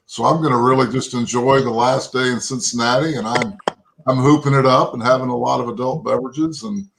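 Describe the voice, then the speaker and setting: A man's voice: mid-range voice, fairly even intonation, fairly quick, vocal fry, noisy background. A man in his fifties from Texas, a former pro football lineman telling rambling, folksy anecdotes as an interview guest, often tagging "right?" and "you know". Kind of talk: interview storytelling.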